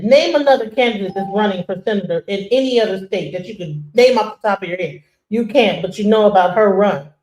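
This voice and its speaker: A woman hosting a stream, giving casual, animated commentary. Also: medium pitch, reverberant, low-quality recording. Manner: animated, conversational, mocking impressions. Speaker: streamer host.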